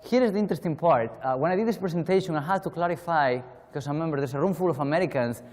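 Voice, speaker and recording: A man's voice: fairly high pitch, rapid-fire, darkish tone, long reverb tail. Spanish-accented man giving a keynote. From Spain. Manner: chatty, self-deprecating, many restarts. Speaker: conference speaker. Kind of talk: keynote talk. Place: conference hall.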